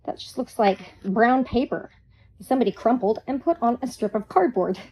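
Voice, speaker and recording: A woman hosting a hands-on craft tutorial, chatty, playful and quick to get excited. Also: a little high, breathy edge, poor audio.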